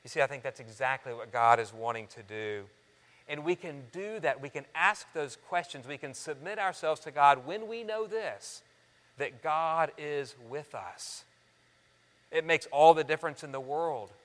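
A pastor delivering a sermon in a fairly high, bright voice. He pleads earnestly with his congregation as friends, rising to loud emphasis and dropping almost to a hush. A long reverb from the large sanctuary trails every phrase. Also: moderate pace. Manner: earnest, swinging between loud emphasis and soft near-hushed lines.

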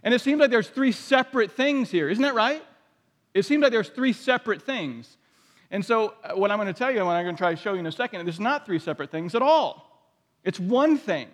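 A pastor preaches a sermon in a fairly quick, expressive, high-pitched voice, and the sound carries a big-room feel. His manner is conversational, with many questions directed at the congregation.

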